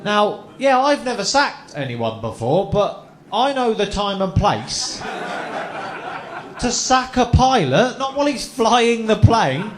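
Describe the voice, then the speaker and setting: A man's voice: sits high, big pitch swings, slow. A young man doing a stand-up routine as a chat show guest, chatty and self-mocking, throwing tag questions at the crowd. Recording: echoey live venue with faint noise.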